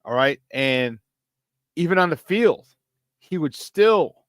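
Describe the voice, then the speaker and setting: A man whose voice sits on the high side takes his time, captured in a dry, clean studio recording. He hosts a casual football talk show full of energy and laughter, drawing on locker-room stories from his playing days and hyping with "baby."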